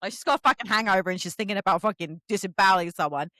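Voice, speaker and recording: An English woman hosting a casual book podcast, animated and profane, often laughing as she talks. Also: mid-range voice, racing, no room sound. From England. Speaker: podcast host and book influencer. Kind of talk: casual chat.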